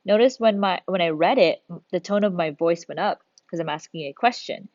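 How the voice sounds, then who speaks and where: Lady teacher walking through grammar slow and patient, lowish voice, kinda dull lo-fi mic, dry. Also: darkish tone, dry recording. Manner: patient, explains step by step, thinks aloud. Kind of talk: recorded grammar lesson.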